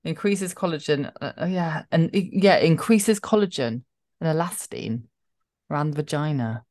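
Dry woman, very low voice. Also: lively intonation, normal speed, a little mellow, dry recording. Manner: dry, cheeky, teasing. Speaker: radio co-host. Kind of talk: casual chat.

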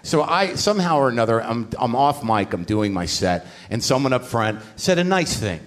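A man hosting a live podcast on stage, telling a story in an animated, profane and self-deprecating way. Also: mid-range voice, moderate pace. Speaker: podcast host and comedian. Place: on stage at a live comedy show.

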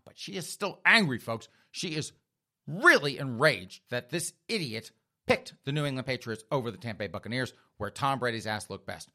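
A man's voice: mid-range voice, expressive, moderate pace, bright, forceful tone. A man telling a comic story in a sardonic way, often addressing listeners as folks. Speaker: comedic storyteller. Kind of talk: comedic storytelling.

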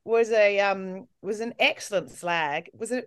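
A woman in her forties with an Australian accent softened by English tones, a podcast guest chatting candidly and mocking herself with frequent laughs. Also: medium pitch, a little slow, clear, resonant tone, no room sound, clean studio sound. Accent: Australian with an English tinge. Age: 40s. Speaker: guest, comedian. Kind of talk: casual podcast chat.

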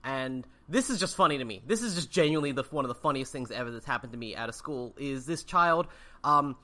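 A man co-hosting a casual podcast chat, telling anecdotes in an animated way and often breaking into laughter. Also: medium pitch, quick pace. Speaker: podcast co-host.

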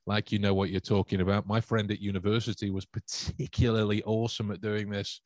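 A man's voice: on the low side, flat delivery, brisk, no room sound. A young man with a Stoke-on-Trent accent, chatting casually as a podcast host, rambling with many fillers and restarts. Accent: Stoke-on-Trent English. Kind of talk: casual chat.

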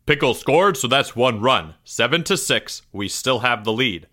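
A calm male teacher addresses his class in a read-aloud storybook, as a man puts him on. He sounds firm and in charge. The tone is bright and clear. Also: medium pitch, unhurried. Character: male teacher coaching kickball, firm and steady.

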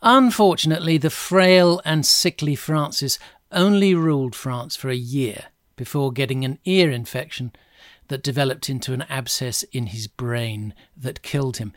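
A man's voice: mid-range voice, dry recording. Middle-aged guy chatting through history, wry asides, dry close mic. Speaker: podcast host. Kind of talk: casual history storytelling.

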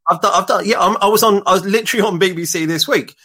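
A man with a high voice, co-hosting a relaxed podcast. He tells his stories in halting bursts, restarting phrases as he goes. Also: husky. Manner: halting storyteller with many restarts. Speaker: podcast co-host. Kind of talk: casual chat.

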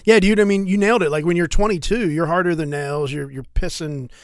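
A man's voice: on the high side, fairly quick, no echo, clean studio sound. A man from the US West Coast co-hosting a podcast, talking emphatically and swearing freely. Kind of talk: casual banter.

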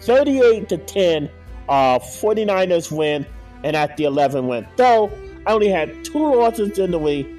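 A man's voice: fairly high pitch, expressive, moderate pace, darkish tone, soft background music. A man hosting his own show, reading out football scores and his picks in a frustrated, muttering way. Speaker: podcast host. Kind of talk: casual solo sports picks recap.

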